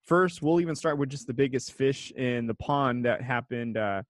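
A man co-hosting a casual sports talk show from his living room at home, teasing and joking between steady analysis. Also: mid-range voice, normal speed, no room sound, clean studio sound.

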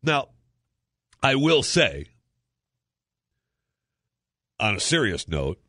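Man, radio talk host, jokey, lively swings in pitch, dry studio sound. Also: slow pace, no room sound. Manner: jokey, animated, lots of fillers. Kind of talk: casual talk radio monologue. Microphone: studio microphone.

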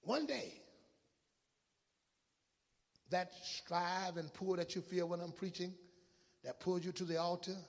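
A fervent male preacher with a high, gravelly voice. He drives his sermon with repeated questions that swell from near-whispers to shouts. His voice trails a long reverb through a big church hall. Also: takes it slowly, long pauses. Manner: builds from hushed murmurs to shouted, repeated questions; fervent, repetitive preaching cadence. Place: church sanctuary.

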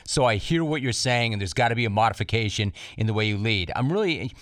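A man's voice: on the low side, fast, dry recording. Enthusiastic male podcast host, dry sound. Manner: animated, enthusiastic questioner. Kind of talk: casual interview talk.

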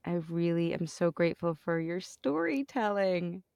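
Woman, podcast host, effusive, casual chat, fairly low voice, dry sound. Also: expressive, normal speed, creaky, a little mellow, no room sound. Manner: effusive, enthusiastic.

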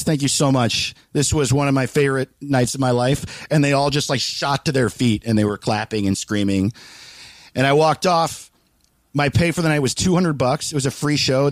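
A man's voice: medium pitch, no room sound. A man from Los Angeles, a comedian, telling a story in casual chat, often laughing and swearing freely as he animatedly recounts it.

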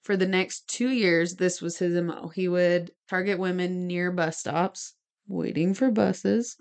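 A woman with a somewhat low voice tells a true-crime story on a casual podcast. She reads from her notes and breaks off into chatty asides. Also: steady tone, a little slow, a little mellow. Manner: gestures while talking. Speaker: podcast co-host.

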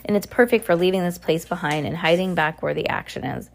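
A woman's voice: fairly low pitch, a little fast, creaky. A gloating, scheming storybook villain, put on by a woman reading aloud. He growls and sneers mockingly at the children, full of contempt. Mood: sneering.

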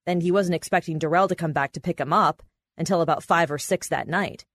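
A woman reporter and podcast host narrates a court story from a script, measured and matter-of-fact. Her voice is fairly low and fairly bright, recorded at studio quality with no echo.

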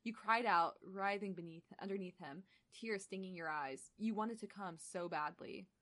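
Podcast co-host, woman: average pitch, reads fan fiction dramatically, keeps cracking up. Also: moderate pace, a bit bright. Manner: giggly, breaks into laughter, chatty asides.

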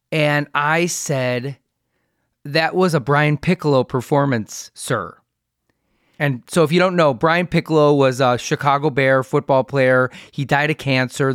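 A man's voice: mid-range voice, a bit bright, dry recording, clean studio sound. A man hosting a talk show, laughing along and trading his own stories. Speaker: podcast host. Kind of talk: casual interview chat.

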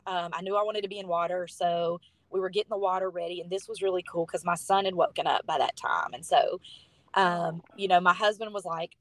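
A young woman telling a personal story as a podcast guest, chatty and animated with lots of fillers. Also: fairly low pitch, brisk, no echo. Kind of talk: casual storytelling.

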